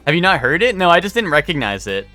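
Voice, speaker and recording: A man's voice: fairly high pitch, very animated, fast, bright, forceful tone, no echo, faint music behind. A young man streaming live, chatting casually and rambling as he answers his chat.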